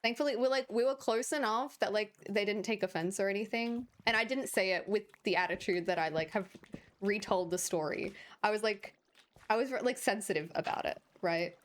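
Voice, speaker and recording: A woman's voice: mid-range voice, fairly quick. A woman streaming a game, chatting casually with sarcastic, rambling asides. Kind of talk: casual gaming stream chat.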